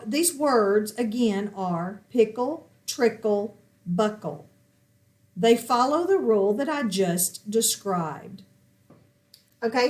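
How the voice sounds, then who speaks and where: A woman's voice: a little high, darkish tone. A woman teaching a phonics lesson at a whiteboard, patiently asking questions and answering them herself. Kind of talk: recorded classroom lesson at a whiteboard.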